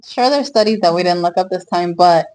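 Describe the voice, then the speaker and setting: A woman's voice: on the low side, fairly quick, darkish tone. Woman, co-host, chatty casual talk. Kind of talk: casual chat.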